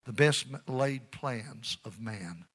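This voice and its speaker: A middle-aged man preaching a sermon to his congregation, calling for amens and swinging between loud emphasis and hushed asides. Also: medium pitch, animated, slow, slightly rough. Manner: call-and-response preaching, urging amens. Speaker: pastor.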